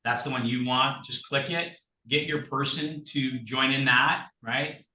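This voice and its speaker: A man guest in casual chat, telling stories in an animated, blunt and salty way. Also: medium pitch, a little slow. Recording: roomy sound from far off the mic.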